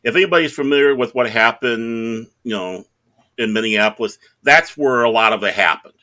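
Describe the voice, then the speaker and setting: A middle-aged man co-hosting a podcast, telling rambling, animated anecdotes in casual chat. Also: mid-range voice, normal speed. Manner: rambling, animated anecdotes with self-quotes and laughs. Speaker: podcast co-host.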